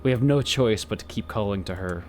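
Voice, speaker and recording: A solemn cult leader drones on about death and salvation in slow, archaic phrasing, as a man reads the game lines in a lowered voice. He sounds hushed and deep, a preacher at a grim rite. Soft game music plays faintly underneath. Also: close to an everyday voice. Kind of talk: reading game dialogue aloud.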